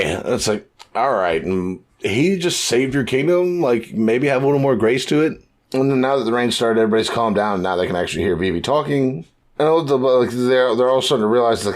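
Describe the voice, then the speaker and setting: A man co-hosting a podcast in casual chat, talking in an animated, profane way and acting out quotes. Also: medium pitch, a little fast. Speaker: podcast co-host.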